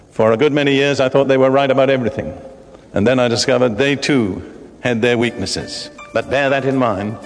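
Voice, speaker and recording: An older man preaching a sermon in an emphatic way, climbing into excited bursts. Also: medium pitch. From Britain. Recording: long hall reverb.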